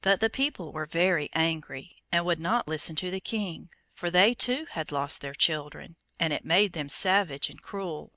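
A woman reading an old fairy tale aloud in a measured, expressive storytelling manner. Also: fairly low pitch, no room sound. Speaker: narrator.

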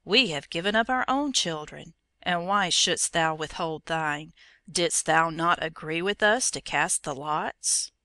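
A woman voicing an angry crowd of townspeople in low, threatening tones. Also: measured pace, bright, forceful tone, no room sound.

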